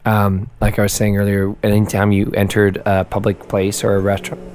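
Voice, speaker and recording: A hoarse young Canadian man in casual podcast chat, rambling through a story and laughing often. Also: lowish voice, completely flat delivery, a little fast, darkish tone, slight background noise. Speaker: podcast co-host.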